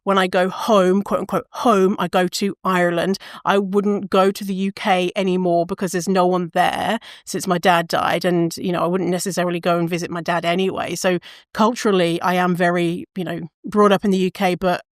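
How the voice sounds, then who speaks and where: A woman's voice: lowish voice, little pitch movement, moderate pace, no room sound, clean studio sound. A woman hosting a solo podcast, talking casually in long rambling tangents, cutting herself off mid-sentence and swearing now and then. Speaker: podcast host.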